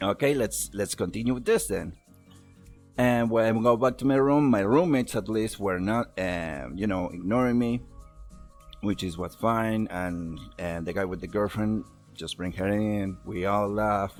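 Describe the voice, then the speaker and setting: A young man telling a personal story on a voice call, rambling, swearing and laughing at himself. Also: lowish voice. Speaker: podcast host telling a story. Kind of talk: casual storytelling over a voice call.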